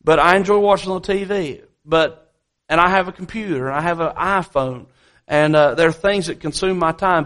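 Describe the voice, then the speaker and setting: A man's voice: sits high, a bit bright. A man preaching a sermon as pastor, emphatic and repeating key phrases, with folksy asides, in a church.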